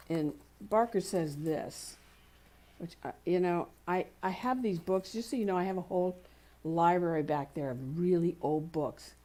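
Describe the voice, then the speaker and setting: A woman speaking at a spiritual community service, telling everyday stories in a conversational sermon with laughter and playful voices. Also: fairly low pitch. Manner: warm anecdotal storytelling with laughs and playful quoted voices. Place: community center hall.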